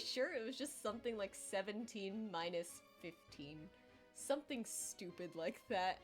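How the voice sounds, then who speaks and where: A woman's voice: mid-range voice, normal speed, faint music behind. A young woman chatting casually on a livestream while she draws, rambling and self-deprecating, with lots of filler words and playful exaggerated quotes. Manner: acts out quoted voices in exaggerated tones. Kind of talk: casual chat while drawing on stream.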